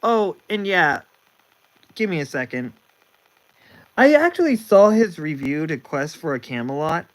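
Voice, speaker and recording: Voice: medium pitch, big pitch swings, measured pace, pauses often, rough recording. A young male livestream host chatting casually, rambling and often restarting his sentences. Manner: rambling, stop-start, with frequent restarts.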